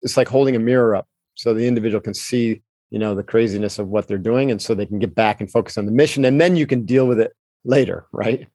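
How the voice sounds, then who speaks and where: A man hosting a podcast, calmly explaining techniques for staying in control and acting out quoted lines as he coaches. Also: on the low side, fast talker, no room sound. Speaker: podcast host answering listener questions. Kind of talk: calm explanatory advice talk.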